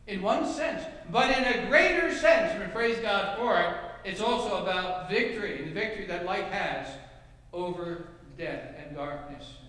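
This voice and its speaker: Pastor guy preaching, kinda high voice, big echoey church, earnest folksy sermon. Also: fairly bright tone. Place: church sanctuary.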